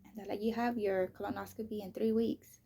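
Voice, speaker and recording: A woman's voice: mid-range voice, little pitch movement, fairly quick, mellow, slight background noise. A woman in her thirties telling her own story in a candid, casual way, swearing freely and filling her talk with "you know" and "like.". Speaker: vlogger.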